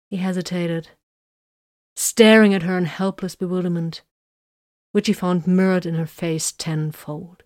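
Woman narrator, low voice, slow, measured, dry close sound. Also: steady tone, darkish tone, dry recording. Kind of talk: story reading.

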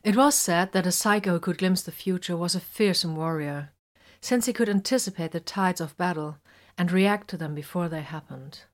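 A woman reading a story aloud in a calm, even storytelling manner. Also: lowish voice, moderate pace. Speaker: reader.

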